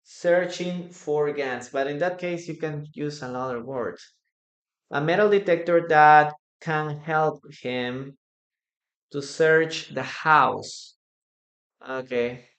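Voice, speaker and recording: A native Spanish-speaking man teaches English at a very slow, deliberate pace, repeating each example sentence with extra emphasis. His voice sits a little high for a man and echoes around the room he records in. He sounds like a patient teacher drilling a class. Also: fairly bright tone. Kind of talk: live online English lesson.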